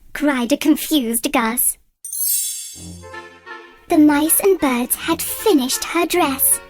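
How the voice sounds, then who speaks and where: A woman reading a children's fairy tale aloud in a slow, gentle and expressive way. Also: sits high. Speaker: storyteller. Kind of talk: children's read-aloud narration. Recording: soft music bed under voice.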